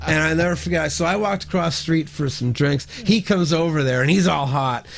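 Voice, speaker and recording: Gravelly man telling a rambling story. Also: on the high side, a little fast. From Canada. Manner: rambling, frequent restarts, swears freely. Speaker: songwriter, podcast guest. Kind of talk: casual storytelling.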